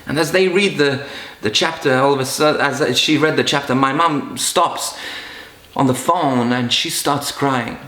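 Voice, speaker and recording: A man's voice: medium pitch, unhurried, sharp tone. A middle-aged man and priest from Malta, giving an earnest, emotional personal testimony with frequent restarts. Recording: roomy echo.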